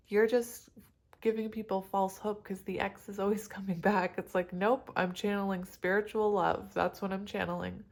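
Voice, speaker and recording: Her voice is on the lower side as she offers viewers an informal tarot reading centered on spiritual love and energy. She's tearful and emotional, but laughter keeps breaking through.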